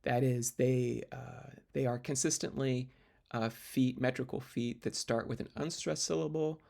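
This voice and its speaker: A man's voice: medium pitch, fairly even intonation, measured pace, creaky, darkish tone. A man teaching literature in a recorded lecture video, explaining step by step with fillers and restarts.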